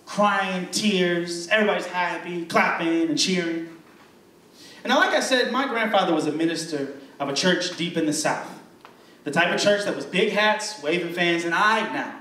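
A young man doing stand-up, telling a story in an animated, crude, self-mocking way on a club stage. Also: high-pitched, normal speed. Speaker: stand-up comedian. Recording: roomy stage sound from a distant mic.

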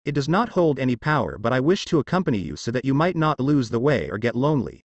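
A man voicing a gentle, motherly female earth goddess in a tiny fairy form, read plainly and softly. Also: medium pitch, sing-song, fast, dry recording, muffled recording. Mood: caring.

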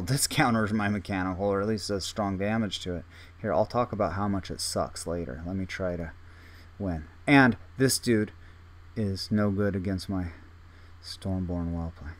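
Young male gaming host, unhurried low voice, casual self-mocking commentary. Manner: self-mocking, thinking aloud, hesitant restarts.

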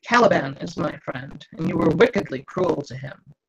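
A woman's voice: sits low, lively intonation, moderate pace, creaky, breathy edge, heavily acted. A woman author voicing an earnest, bookish young girl who speaks in archaic phrasing while reading aloud. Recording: dull lo-fi video call audio.

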